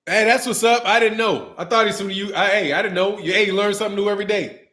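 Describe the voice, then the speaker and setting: A lively man with a fairly high voice for a man, hosting a casual livestream about boxing. He talks in loose slang, rambles and laughs a lot as he reads super chats. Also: fast talker. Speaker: boxing channel host.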